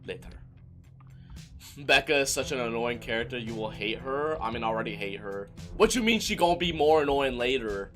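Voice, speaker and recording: A young man doing let's play commentary, loud, excitable and profane, yelling at the characters. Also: medium pitch, fairly quick, few pauses, faint music behind. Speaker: gaming streamer.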